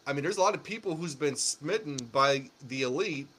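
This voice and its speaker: Young guy rambling about wrestling, cusses a lot, voice a bit high. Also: expressive, fairly quick, fairly bright tone, slight background noise. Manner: rambling, profane, many restarts and fillers. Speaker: podcast co-host. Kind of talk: casual wrestling recap chat.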